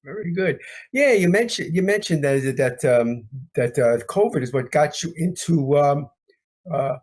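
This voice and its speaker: A male host with a somewhat high, slightly husky voice leads a casual interview. He halts and restarts often, filling the gaps with ums. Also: animated, a little slow, a little mellow. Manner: hesitant, many ums. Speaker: show host.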